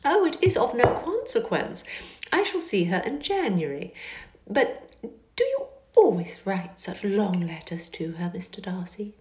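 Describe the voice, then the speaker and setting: A fawning young society lady with a high, gushing, sing-song voice that drops now and then into a breathy whisper, as a woman reads her out in an audiobook. The sound bounces around the small, echoey space of a car. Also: huge pitch swings, unhurried, a little mellow. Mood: coy whisper.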